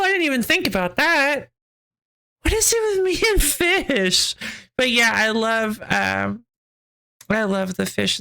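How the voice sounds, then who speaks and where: A bubbly woman streamer in relaxed chat with her viewers. Her voice sits a touch high and she tells her story in an animated, tumbling way, full of restarts and giggles. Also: vocal fry. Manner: reads chat aloud. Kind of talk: casual chat.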